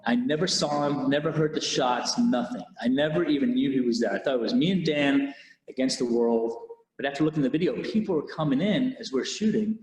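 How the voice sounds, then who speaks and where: A police officer recounting a personal experience in an interview, candid and halting, with many restarts. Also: male voice, medium pitch, darkish tone. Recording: echoey room with long reverb.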